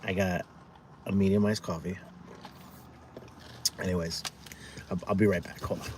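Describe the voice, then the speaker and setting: A food vlogger with a deep voice and flat delivery chats casually with viewers on a live stream at a normal speed. He rambles, makes asides to his dog, and moves between outdoors and his car, with noisy traffic in the background.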